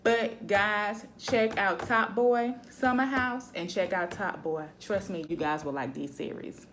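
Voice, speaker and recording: A woman vlogger talking about shows in a casual, animated way. She laughs often and keeps addressing her viewers. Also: medium pitch, measured pace, slight background noise. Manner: chatty and animated, laughs often, says "y'all". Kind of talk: casual chat.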